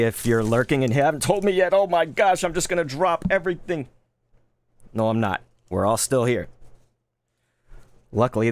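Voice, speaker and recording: A man in his thirties chatting casually while opening trading cards live, laid-back and quick to get excited. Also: mid-range voice. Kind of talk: live card-opening stream chat.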